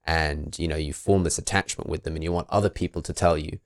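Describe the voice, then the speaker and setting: A man's voice: very deep voice, steady tone, quick pace, dry recording, studio quality. A man hosting a podcast, talking thoughtfully and now and then acting out quoted voices. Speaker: podcast host. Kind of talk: reflective conversational talk.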